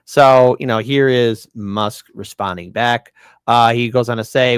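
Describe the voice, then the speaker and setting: A man's voice: mid-range voice, moderate pace, no echo. Brief: a male podcast host riffing on politics, sarcastic, heard dry and close on the mic. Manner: sarcastic, repeats phrases for emphasis. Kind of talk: casual opinion commentary.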